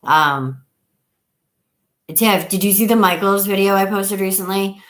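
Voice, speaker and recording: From her home, with the camera set on a table, a middle-aged woman hosts a laid-back live stream, chatting, rambling, and trailing off while counting. Her mid-range voice is measured in pace and a touch bright.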